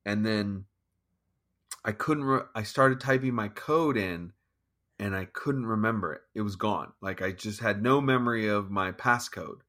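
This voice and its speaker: A man with a fairly low voice tells a personal story as an interview guest. He talks in halting bursts, restarting sentences and acting out what he thought at the time. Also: sharp tone. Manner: halting, restarts, quotes his own thoughts. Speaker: guest musician. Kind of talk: conversational storytelling.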